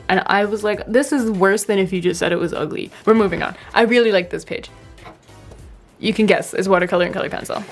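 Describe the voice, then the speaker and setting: A young woman in her twenties chatting casually through a sketchbook tour, rambling, self-deprecating and quick to giggle. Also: medium pitch. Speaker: artist giving a sketchbook tour. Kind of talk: casual chat.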